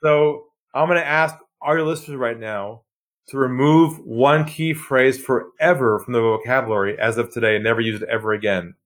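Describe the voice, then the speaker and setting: At a moderate pace, a man appearing as a sales trainer guest on a podcast recounts sales stories and acts out phone calls with lively changes in delivery. He lowers his voice to a quiet hush for effect and rises high to play callers who are excited.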